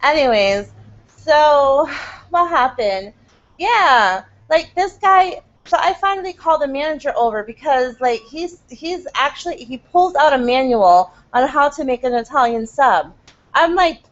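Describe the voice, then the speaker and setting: A middle-aged woman vlogger telling a frustrating story in quick, animated casual talk. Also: sits high. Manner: fast, animated, frustrated retelling. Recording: dull lo-fi home recording.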